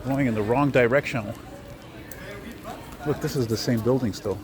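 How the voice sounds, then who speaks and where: A man's voice: mid-range voice, moderate pace, crowd noise. A man rambling chattily as he walks city streets at night, filming on a handheld camera. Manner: rambling, chatty, easily amused. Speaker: vlogger host. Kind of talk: casual walking vlog. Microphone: handheld camera while walking. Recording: noisy street outdoors.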